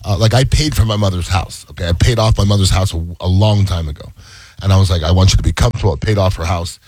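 A man chatting casually, throwing in quick wisecracks. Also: deep voice, a little mellow, no room sound. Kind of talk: casual chat.

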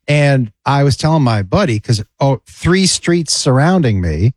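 A man's voice: mid-range voice, unhurried, no echo. A man, a stand-up comedian, telling an anecdote in casual radio chat and acting out the people in it. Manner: animated, acts out voices in anecdotes. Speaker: comedian guest.

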